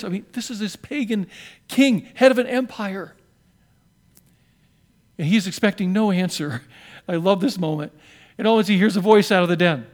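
A man's voice: high-pitched, moderate pace, pauses often. A male pastor preaching a sermon, telling a scripture story with animation and asking the congregation questions.

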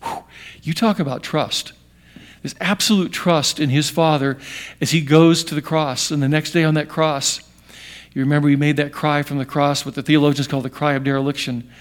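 A middle-aged man delivers a sermon in a slightly high voice. He pushes key lines out loudly, then drops to a quiet hush. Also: steady tone, normal speed. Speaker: pastor.

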